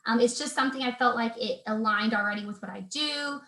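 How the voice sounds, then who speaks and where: Speaking slightly high with a fairly bright tone, this thirtysomething personal trainer appears as a guest on a casual video interview call. Her manner is earnest and faith-filled as she restarts sentences and fills gaps with "um" and "like," all in an echoey room.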